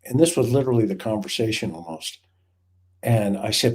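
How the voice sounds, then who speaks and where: A man's voice: lowish voice, expressive, a little fast, darkish tone. A former hostage negotiator, a man, telling a rambling, vivid story in casual chat with many restarts.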